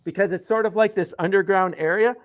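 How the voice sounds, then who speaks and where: A man's voice: high-pitched, steady tone, fast talker, narrow, tinny audio. A man in a casual chat, explaining things in an easygoing way.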